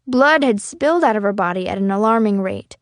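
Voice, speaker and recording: A woman reading a first-person novel aloud in a casual, expressive way. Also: mid-range voice, a little fast, no echo, clean studio sound. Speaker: audiobook reader.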